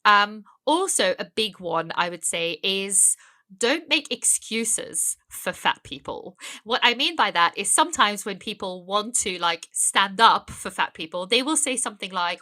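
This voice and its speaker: A woman's voice: mid-range voice, expressive, moderate pace, pushed and bright. A young adult woman speaking as a podcast guest, earnest and emphatic, with many fillers and restarts. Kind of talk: casual conversational interview.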